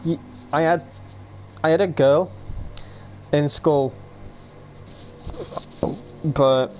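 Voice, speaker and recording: A man's voice: a little high, fairly even intonation, drawn-out words, a little mellow, slight background noise. A man telling a rambling story on a livestream, quoting others, yawning and hiccupping. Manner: rambling, quotes others with "I was like". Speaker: livestream host.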